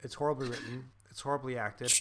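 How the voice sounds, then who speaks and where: A man's voice: medium pitch, fast talker, noisy background. A young man co-hosting a podcast, ranting animatedly about a bad movie and swearing. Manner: animated, swearing, mocking voices of film characters. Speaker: podcast co-host. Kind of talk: casual ranting movie review.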